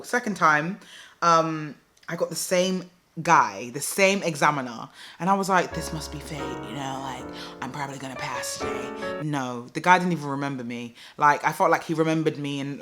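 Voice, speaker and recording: A woman's voice: low voice, fairly bright tone. A young woman vlogger telling a story to camera in a chatty way, filling her talk with "like" and calling her viewers "guys". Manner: chatty, fills speech with "like", addresses viewers as "guys".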